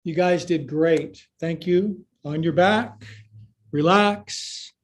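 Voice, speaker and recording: A man's voice: a little high, slow. A male yoga teacher leading a live-streamed class, cueing poses with playful jokes and sometimes out of breath.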